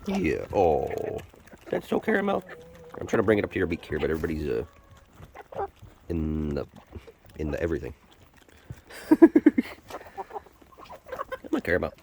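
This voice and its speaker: A man chats away to his birds outdoors, his pitch swooping wildly from low mutters to high coos. He speaks at an average pitch and grumbles or swears when a beak catches his hand. Faint clucking sits behind him. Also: sing-song, normal speed, creaky, long pauses, warm tone, a little hiss or hum. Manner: coos to the birds in a sing-song voice, curses when pecked. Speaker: vlogger keeping chickens. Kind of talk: casual running chatter to his birds. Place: outdoors at a chicken coop.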